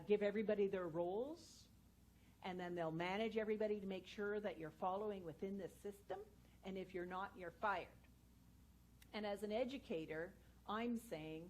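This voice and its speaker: A woman speaks in an even, mid-pitched voice, addressing a live audience in a spiritual centre hall. She talks earnestly and draws on personal stories, like an educator giving an inspirational talk. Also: slight background noise.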